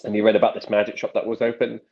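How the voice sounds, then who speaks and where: A man's voice: lowish voice, completely flat delivery, racing, darkish tone, dull audio. A man in his thirties, a magician guest, telling stories in casual interview chat with many restarts and acted quotes.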